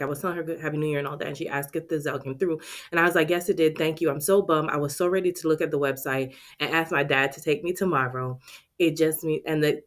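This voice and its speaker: Low-voiced woman vlogging, chatty and expressive, talking right at her viewers. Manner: expressive, talks straight to viewers with lots of "y'all". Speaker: budgeting vlogger and channel host. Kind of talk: casual chatty vlog.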